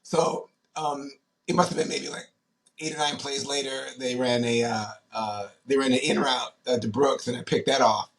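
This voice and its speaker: A man in his fifties, a former pro football player, telling animated anecdotes in a casual interview, with many fillers and restarts. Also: mid-range voice, moderate pace.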